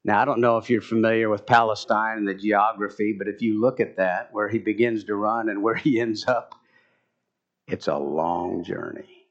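A man's voice: on the low side, level tone, fairly quick, few pauses. A man preaching a sermon, building to emphatic bursts as he retells scripture stories. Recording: muffled, dull lo-fi sound.

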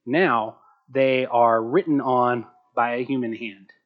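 A man preaching a sermon as pastor, slowing down to stress key words and asking rhetorical questions. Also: mid-range voice, fairly even intonation, highs cut off. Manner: asks the congregation rhetorical questions.

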